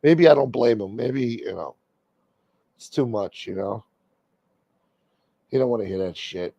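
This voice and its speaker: Gravelly, crude fifties man ranting. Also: mid-range voice, lively intonation, a little slow, warm tone, dry recording, lo-fi sound. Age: 50s. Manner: crude, sarcastic, mocking. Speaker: host. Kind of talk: profane comedic rant.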